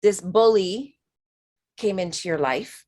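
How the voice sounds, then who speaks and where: A woman's voice: mid-range voice, takes it slowly, a little mellow. A woman giving a spiritual healing reading on a live stream, talking frankly and emphatically, swearing now and then and calling the listener honey.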